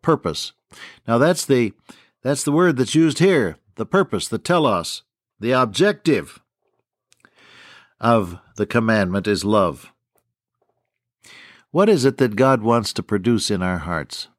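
A man's voice: medium pitch, animated, takes it slowly, long pauses, no room sound, studio quality. An older man teaching the Bible on the radio in a folksy, storytelling way, often chuckling.

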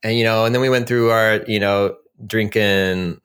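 A man's voice: lowish voice, fairly even intonation, moderate pace, fairly bright tone, clear, resonant tone. A young adult man co-hosting a podcast, easygoing and chatty, who laughs often and calls his friend "man" and "dude". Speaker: podcast co-host. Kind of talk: casual chat.

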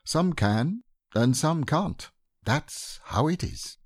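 A man voicing a simple, placid male teddy bear in a storybook reading, musing in a slow, plainspoken way. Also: fairly high pitch, expressive, dry recording, clean studio sound, pitched above the performer's own voice. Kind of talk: audiobook reading.

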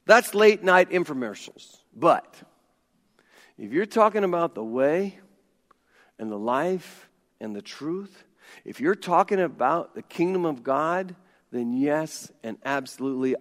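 A man preaching a sermon as pastor, emphatic and shifting down to quiet intensity, with humorous asides. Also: high-pitched, big-room sound.

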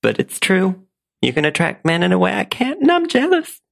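A man's voice: sits high, wildly swooping pitch, normal speed, vocal fry, voice pushed up, exaggerated voice. A man doing a vain, gushing older woman. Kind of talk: comic scene reading.

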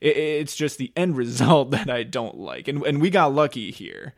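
A man's voice: mid-range voice, big pitch swings, moderate pace, vocal fry, no room sound, studio quality. A man co-hosting a podcast, chatting casually about a reality competition, with stammering restarts and easy laughs. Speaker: podcast co-host. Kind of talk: casual reality-show discussion.

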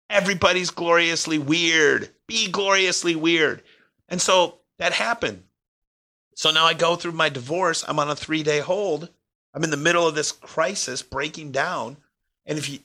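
A man telling a personal story of crisis in an emotional, halting way, his voice sinking quiet in the hardest parts. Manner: emotional, pausing, voice drops low and quiet in heavy parts.

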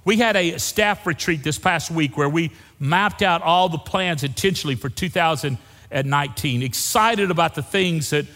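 Older preacher guy, folksy, kinda high voice, long churchy reverb. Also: moderate pace. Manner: folksy, animated preaching with questions to the congregation. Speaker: pastor. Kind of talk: sermon. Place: church sanctuary.

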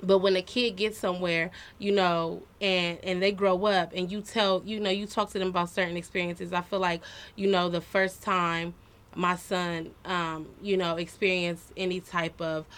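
A woman in her thirties sharing personal experiences on a podcast, her voice sitting on the low side. She speaks in an earnest, heartfelt way and leans on easy fillers like "you know" as she thinks aloud. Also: level tone, normal speed, fairly bright tone. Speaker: podcast co-host. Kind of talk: casual personal chat.

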